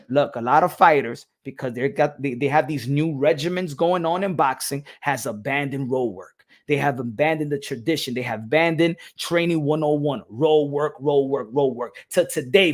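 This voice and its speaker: A young adult man hosts a casual boxing live stream, animated and full of slang, moving back and forth between English and Spanish. He often leaps suddenly into high, excited bursts.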